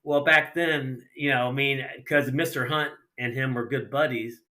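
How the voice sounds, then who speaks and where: Bright-voiced middle-aged man spinning race yarns. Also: mid-range voice, normal speed. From Ohio. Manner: animated anecdotes with lots of acted-out dialogue and casual slang. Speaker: guest, retired sprint car racer. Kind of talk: casual storytelling in a podcast interview.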